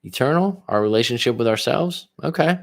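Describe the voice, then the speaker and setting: A man's voice: mid-range voice, lively intonation, a little fast, gravelly. A man coaching viewers on a livestream, reading their comments aloud and answering them bluntly, with frequent swearing. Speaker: relationship coach.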